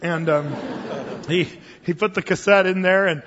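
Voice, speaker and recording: A man preaching a sermon in a church, telling stories with animated delivery and acting out the voices of others. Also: high voice, a little slow, big-room sound, lo-fi sound. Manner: animated storytelling, acts out quoted voices. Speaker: pastor.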